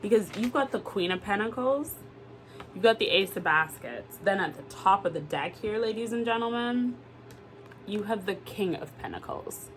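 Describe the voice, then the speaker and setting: A woman doing a casual tarot reading to camera, animated and exclamatory, swearing freely. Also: medium pitch, normal speed, slight background noise. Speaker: tarot reader.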